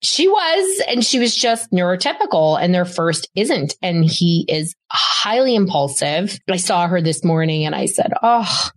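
A middle-aged woman, both podcast host and child behavior doctor, offers casual parenting advice, repeating words emphatically for stress. Her lowish voice swings widely in pitch, runs a little slow, and rarely pauses.

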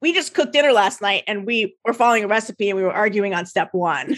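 Woman host at a middle pitch, friendly and chatty, who laughs a lot while steering the interview. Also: a little fast, hardly any pauses, a bit bright. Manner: friendly, laughs often, prompts with questions. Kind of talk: casual interview chat.

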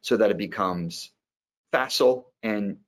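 A man with a very deep, low-pitched voice speaks as an interview guest. He is an actor who reflects on his craft in a thoughtful, unhurried way and explains his ideas at length. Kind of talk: conversational interview answer.

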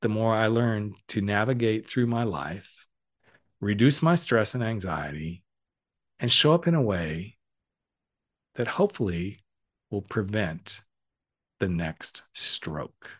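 A man's voice: on the low side, lively intonation, a little slow, long pauses. A middle-aged man hosting a podcast, giving a casual motivational monologue with playful, cheeky asides. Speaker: podcast host and coach.

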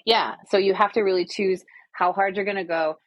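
A woman co-hosting a podcast and chatting casually about a book, talkative and animated. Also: medium pitch, brisk. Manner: chatty, animated, frequent agreeing fillers. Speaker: podcast co-host, audiobook narrator. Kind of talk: casual chat.

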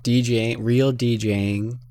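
A man's voice: mid-range voice, level tone, slow, warm tone. A man with a Canadian accent hosting a casual interview, laid-back with short reactions. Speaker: interview host.

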